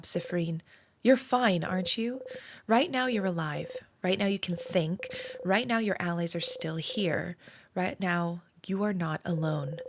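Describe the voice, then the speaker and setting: A woman's voice: on the low side, background noise, lightly acted. A woman reading a coaxing, knowing guide. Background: game music.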